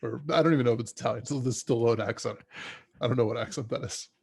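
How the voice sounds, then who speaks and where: A man's voice: mid-range voice, steady tone, fast talker, gravelly, a little mellow, husky. A man co-hosting a podcast, chatting casually about movies in a rambling way with frequent restarts. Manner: rambling, many restarts and fillers. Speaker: podcast co-host.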